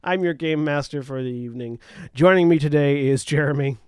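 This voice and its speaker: A man hosting a live-streamed tabletop game as game master, upbeat and quick to laugh. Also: a little high, a little mellow, smooth, no room sound, clean studio sound. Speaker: game master and executive producer.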